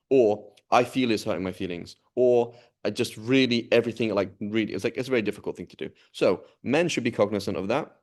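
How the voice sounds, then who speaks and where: A man's voice: on the low side, a little mellow. A man teaching an informal class, talking conversationally and often checking in with the students. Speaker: Islamic studies teacher.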